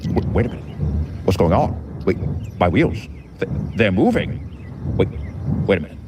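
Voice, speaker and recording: A man's voice: sits low, very animated, moderate pace, recorded from a distance, noisy background, voice pushed down. A man voicing a flustered, stammering cartoon engine whose wheels won't stop. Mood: panicked. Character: panicking runaway cartoon engine.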